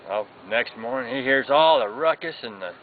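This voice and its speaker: A man telling a long folksy joke in a drawn-out storytelling manner. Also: medium pitch, lively intonation. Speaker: joke teller. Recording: tinny lo-fi sound with faint background noise.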